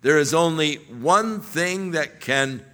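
Forceful, slow-speaking male preacher. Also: on the high side, lively intonation. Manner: earnest and emphatic, building to exclamations. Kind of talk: sermon.

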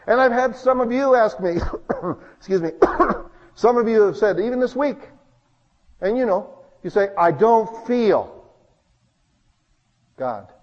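A man preaching a sermon as pastor, talking conversationally and swinging between loud emphasis and hushed asides. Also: very high voice, measured pace, long reverb tail, muffled recording.

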